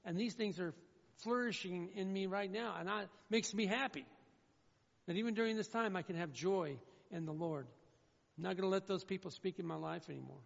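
A high-pitched man with a gravelly edge delivers an earnest sermon, driving points home by repeating them. His voice carries through a church hall with a long echo. The sound is muffled and dull. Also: brisk. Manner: earnest, repetitive, emphatic preaching. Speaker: pastor. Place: church sanctuary.

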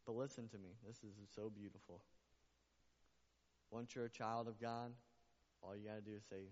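A man's voice: mid-range voice, steady tone, moderate pace, long pauses, darkish tone. A man preaching a sermon as pastor, earnest and repetitive, building to emphatic appeals. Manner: earnest preaching, repeats phrases, rising to emphatic calls. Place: church sanctuary. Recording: muffled sound with long hall reverb.

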